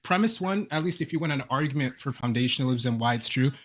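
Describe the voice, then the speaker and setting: A man's voice: mid-range voice, expressive, fast talker. A man in an online debate, mock-polite, reading out numbered premises and chuckling between them. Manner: mock-polite, reads premises aloud with laughs. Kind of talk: online debate, reciting a formal argument.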